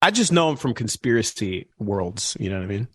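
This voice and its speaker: A man from Minnesota, a podcast guest, chatting casually in an excitable, jokey way. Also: fairly low pitch, brisk, breathy edge, no echo. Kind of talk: casual chat.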